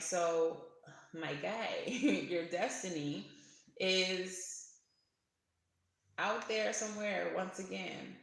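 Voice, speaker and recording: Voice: medium pitch, creaky, a bit bright. A tarot reader giving a casual reading to camera, chatty, laughing often and swearing now and then. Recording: very echoey room.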